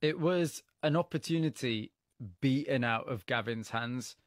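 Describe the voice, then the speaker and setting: A man presenting a radio program, narrating a story in a measured way and interviewing a guest. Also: mid-range voice, no room sound, studio quality. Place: radio studio. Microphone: studio mic.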